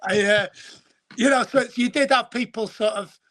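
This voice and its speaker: A man's voice: extremely high pitch, moderate pace, a bit bright. A man from Wales, chatting as a guest in a rambling, chummy way and calling the host mate. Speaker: guest, football show presenter. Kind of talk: casual chat.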